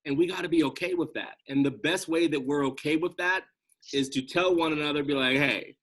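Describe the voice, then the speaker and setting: A man's voice: on the high side, brisk, fairly bright tone. A man speaking earnestly as a guest on a video call, reflective and conversational, often checking in with "right?".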